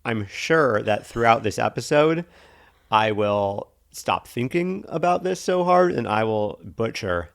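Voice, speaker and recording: A man's voice: mid-range voice, animated, measured pace, gravelly. A man co-hosting a podcast in casual chat, talking with a lisp caused by a device in his mouth, joking about himself. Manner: joking, self-deprecating. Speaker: podcast co-host.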